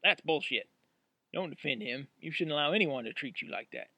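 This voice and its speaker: A man voicing a blunt, gruff young man in a storybook reading, close to his own voice. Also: on the high side, expressive, a little fast, pushed and bright, no echo, heavily acted.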